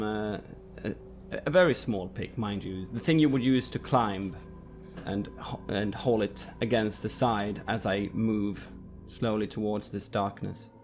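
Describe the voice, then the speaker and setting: A man's voice: on the low side, fairly even intonation, takes it slowly, soft background music. A man playing a tabletop game, describing his character's actions carefully, with frequent fillers. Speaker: player.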